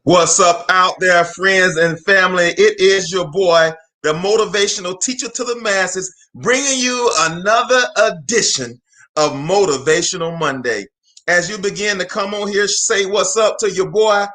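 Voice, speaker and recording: This is a man hosting a live-streamed motivational talk, greeting the people who join by name. His voice sits high, and he preaches in a bright, forceful tone with slow, emphatic stresses. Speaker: motivational speaker and livestream host.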